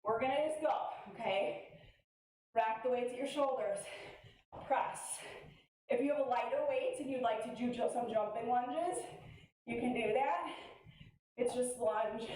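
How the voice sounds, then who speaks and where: A woman's voice: fairly high pitch, a little mellow, slight background noise. A woman fitness instructor coaching a weights workout, upbeat and encouraging, a little out of breath between cues. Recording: very echoey, from far off.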